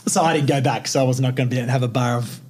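A man with an Australian accent hosts a podcast, firing off a personal story at rapid speed in a mid-range voice. Profane and animated, he acts out whoever he's quoting, and there's a slight hiss or hum on the recording.

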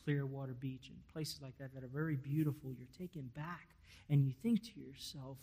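A male pastor preaching a sermon, stressing key words loudly and then dropping almost to a whisper. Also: mid-range voice, fairly even intonation, fairly quick, breathy edge. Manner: emphatic, swelling to loud stresses then dropping to near-whispers.

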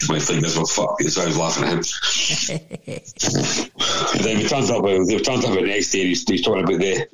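A man's voice: deep voice, fairly quick, over a noisy crowd, poor audio. A man telling a rambling anecdote over casual chat, swearing constantly. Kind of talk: casual storytelling.

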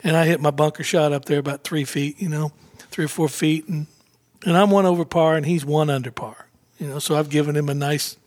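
A man, a guest on a talk show, telling an anecdote in a casual, animated way, acting out quotes and laughing often. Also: a little high, brisk, hardly any pauses, no room sound. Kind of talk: casual storytelling interview.

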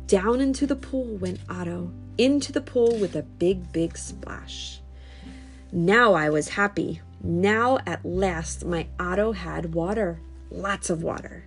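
A woman reading a children's story aloud in a slow, expressive, sing-song way. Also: fairly low pitch, soft background music.

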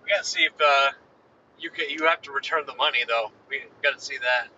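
Bright-voiced man chiming in from across the car. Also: medium pitch, fast, recorded from a distance, dull audio, slight background noise. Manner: laid-back, chiming in with jokes. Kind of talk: casual chat.

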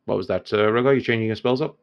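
A man narrating a tabletop game as game master, lively and laughing often, with many fillers. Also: on the low side, racing, vocal fry, clean tone, muffled recording.

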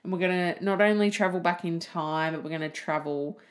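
A woman's voice: lowish voice, fairly quick. A woman from Australia hosting a podcast, talking casually, giggling often and wandering off on tangents. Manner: giggly, self-mocking, goes off on tangents. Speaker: podcast host. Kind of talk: rambling casual podcast monologue. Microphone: desk mic, typing heard.

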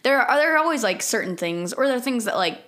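A young woman with a slightly high, bright voice chats casually with a friend. She rambles earnestly and leans on lots of filler words. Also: lively intonation, fast. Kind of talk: casual chat.

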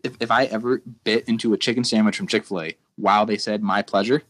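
Young male co-host, low-pitched and rapid; rambles and restarts mid-sentence. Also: steady tone, a bit bright. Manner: rambling rants with many restarts. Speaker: podcast co-host. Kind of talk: casual chat.

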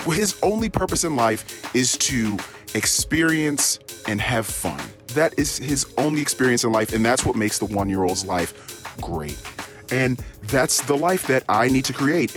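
A man rambling through a spoken diary in a crude, profane, ranting way. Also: mid-range voice. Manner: animated, swings into mock-excited tones. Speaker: diary podcast host.

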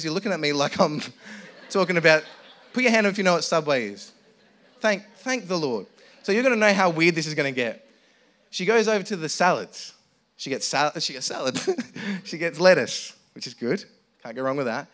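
A man's voice: on the high side, a bit bright. Playful young preacher man. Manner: playful, self-mocking, chatty with the audience. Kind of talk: humorous sermon story.

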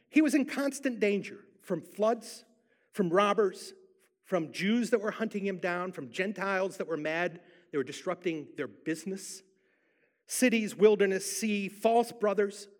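A man preaching a sermon, telling a personal story with emphatic repetition. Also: high-pitched. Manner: emphatic storyteller, repeats for effect.

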